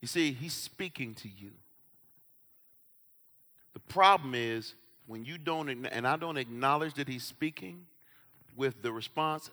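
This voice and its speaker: A man preaching a sermon as pastor, swinging between quiet, low asides and loud shouts, and acting out the voices of Bible characters. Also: lively intonation, unhurried. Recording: hall reverb.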